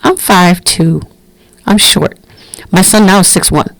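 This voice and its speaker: A woman's voice: fairly low pitch, a little slow, gravelly, no room sound, rough recording. A middle-aged woman, telling candid stories bluntly as a podcast host. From Brooklyn, New York. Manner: candid, blunt, animated storytelling. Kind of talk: casual storytelling monologue.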